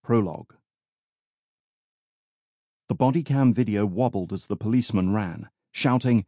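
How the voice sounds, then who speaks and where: A man narrating an audiobook in measured, scripted storytelling. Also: lowish voice, expressive, warm tone, no echo. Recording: dry studio recording.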